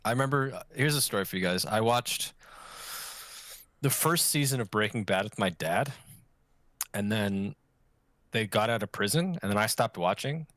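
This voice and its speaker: Man, podcast co-host, animated rambling talk, fairly low voice, dry sound. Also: moderate pace, long pauses, no room sound. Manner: rambling, joking, puts on silly voices. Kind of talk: casual chat. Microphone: online voice call.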